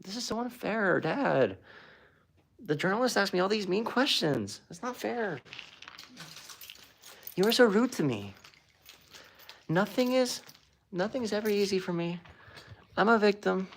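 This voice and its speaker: A man's voice: big pitch swings, measured pace, vocal fry, pauses often, slight background noise, heavily acted. A man mocking a whiny, childish victim voice. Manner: whining, high and petulant.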